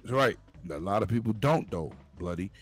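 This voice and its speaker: A man from Brooklyn with a New York accent in casual, profane group banter, loudly arguing a point and cutting in to hold the floor. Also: lowish voice, lively intonation, moderate pace.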